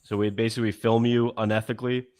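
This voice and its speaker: A man's voice: mid-range voice, little pitch movement, fast talker, darkish tone. A man in a panel discussion, casually laying out his coaching program with lots of hesitation. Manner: casual, hesitant, many fillers. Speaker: dating coach.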